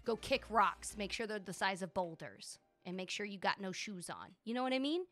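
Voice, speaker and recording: A young woman streaming a video game live, chatting casually in a gushing, animated way, full of "like" and "dude". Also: medium pitch, moderate pace, soft background music.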